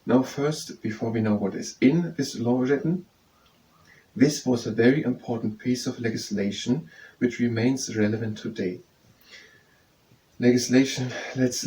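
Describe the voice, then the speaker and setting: Man slowly explaining a study text. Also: medium pitch, dark tone. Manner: slow, repetitive explaining, thinking aloud. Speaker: study tutor. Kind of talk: explaining lesson with yoga breaks. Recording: faint background noise, mic at a distance.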